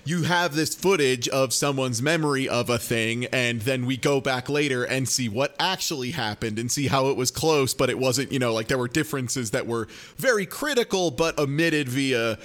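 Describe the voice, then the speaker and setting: A man's voice: mid-range voice, normal speed, few pauses, fairly bright tone. A man co-hosting a podcast, recapping an episode in casual chat with laughs and mock outrage. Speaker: podcast co-host.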